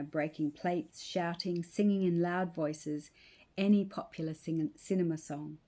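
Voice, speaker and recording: A woman reading her own first-person story aloud as the author, in a measured, reflective way. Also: lowish voice, warm tone.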